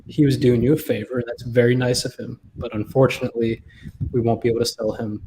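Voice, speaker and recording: A man telling a story in casual chat on a livestream, slipping into other people's voices to act out what they said. His voice sits at a middling pitch. A faint hiss runs behind him. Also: fast talker. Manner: animated, acts out other people's lines. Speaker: guest.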